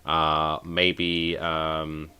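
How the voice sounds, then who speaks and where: A British man co-hosting a podcast, chatting casually with joking banter and quick asides. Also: extremely low pitch, monotone, sharp tone, clear, resonant tone. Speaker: podcast co-host. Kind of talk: casual chat.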